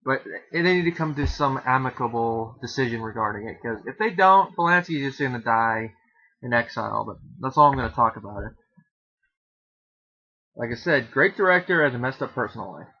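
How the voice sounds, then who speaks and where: A man talks through a film in a loose, chatty review, often stopping to restart his sentences. His voice is bright and forceful at a mid pitch. The recording sounds dull and lo-fi. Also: expressive, brisk, slightly rough. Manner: rambling, self-correcting, casually joking. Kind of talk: casual film review monologue.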